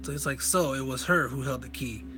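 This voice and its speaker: A man's voice: mid-range voice, brisk, sharp tone, faint music behind. A man casually walking through a comic, enthusiastic and rambling, often correcting himself. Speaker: comic reviewer.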